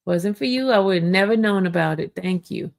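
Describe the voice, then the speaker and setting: A woman hosting a casual live-stream chat, talking slowly and meandering, calling her viewers y'all and clearing an itchy throat. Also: mid-range voice. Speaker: online true-crime commentator.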